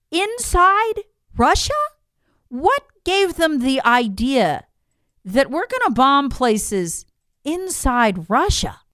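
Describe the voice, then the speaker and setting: An American woman delivers opinion commentary in a smooth, resonant voice pitched a bit high. The sound is dry and close. Her tone is emphatic and incredulous, driven by rhetorical questions. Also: a bit bright, no room sound. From United States. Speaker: political commentator.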